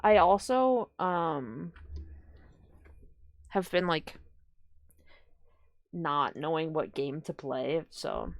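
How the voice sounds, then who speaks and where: Slow, gravelly-voiced young woman streamer. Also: dry recording, studio quality. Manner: rambling, trailing off into low mumbled asides. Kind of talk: casual live-stream chat.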